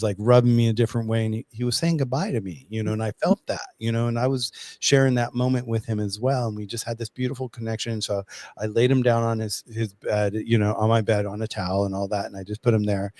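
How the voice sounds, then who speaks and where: Animated male host in a dry room. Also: fairly low pitch, dry recording. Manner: animated storyteller. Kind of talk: casual chat.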